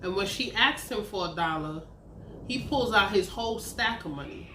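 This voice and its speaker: A woman's voice: medium pitch, animated, normal speed, pushed and bright, a little hiss or hum. A woman, telling a candid, profane personal story on her vlog. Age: 30s. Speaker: vlogger. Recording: roomy echo.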